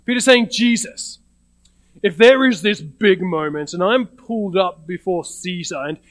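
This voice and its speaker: High-voiced male preacher, dry sound. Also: animated, a little slow, a bit bright, no echo, low-quality recording. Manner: conversational storytelling with frequent restarts. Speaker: pastor. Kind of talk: sermon.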